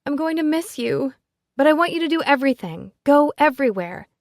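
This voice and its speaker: A bubbly, excitable young woman whose voice jumps up high and gushes, as a woman reading an audiobook puts her on. She is eager and bouncing with feeling. The sound is dry and close. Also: a little fast, no echo. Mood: excited.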